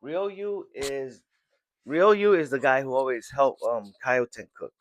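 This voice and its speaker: A man's voice: medium pitch, unhurried, a little hiss or hum. A man hosting a podcast, casually retelling an anime episode scene by scene and briefly acting out the characters' lines. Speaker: podcast host.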